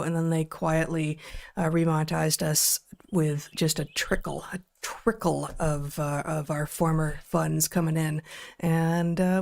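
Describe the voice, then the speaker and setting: A woman co-hosting a podcast, talking casually with a dry, wry manner that is a bit halting at times, and reading sponsor ads. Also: fairly low pitch, darkish tone. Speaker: podcast co-host. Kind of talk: casual chat and read ad.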